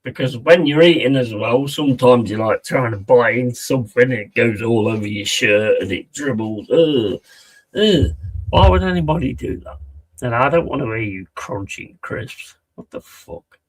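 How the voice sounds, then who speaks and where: A man's voice: mid-range voice, normal speed, hardly any pauses, rough recording. A man chatting casually on a live stream, rambling, mocking and swearing a lot.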